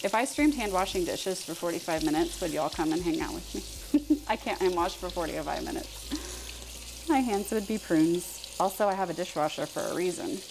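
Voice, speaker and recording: A young woman hosting a cooking livestream from her home kitchen, chatting casually with viewers, self-deprecating and quick to laugh. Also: on the low side, animated, background noise. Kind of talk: casual chat with live viewers while cooking.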